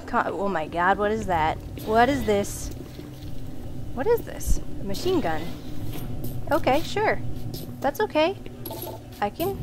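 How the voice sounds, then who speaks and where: A gaming video host with a slightly high voice gives let's play commentary on a horror game as she plays. She's jumpy and often screams at the monsters, with background noise in the recording.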